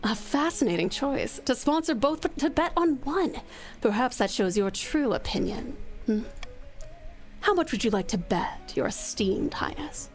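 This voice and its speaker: A woman's voice: fairly high pitch, lively intonation, unhurried, faint music behind. A woman voicing a sweet-natured male courtier who speaks in a flowery, courtly way. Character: sweet-voiced male courtier offering a wager.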